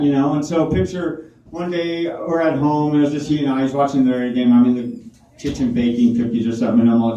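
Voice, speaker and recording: A man's voice: mid-range voice, level tone, quick pace, mellow, muffled recording. A man doing a stand-up comedy set at a small club, with a rambling, filler-heavy delivery. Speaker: stand-up comic. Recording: echoey room from far off.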